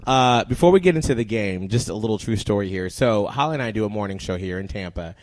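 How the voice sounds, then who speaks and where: A man's voice: on the low side, expressive, fast, dry recording. A man hosting a casual interview, playful and teasing with his guests. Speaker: radio morning show host.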